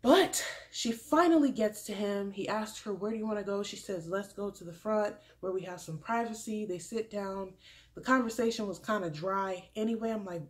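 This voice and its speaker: A young woman vlogger recapping a reality show in a chatty, animated way, often laughing and acting out what people said. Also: medium pitch, moderate pace. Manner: chatty, laughs often, drops into quoted voices. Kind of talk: animated casual recap with acted-out quotes.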